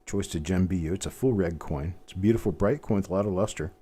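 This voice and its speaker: Folksy Midwestern man with a mellow low voice. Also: fast talker, husky. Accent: general Midwestern American. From American Midwest. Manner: chatty, rambling asides, folksy. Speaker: coin hobby livestream host. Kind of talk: live unboxing commentary.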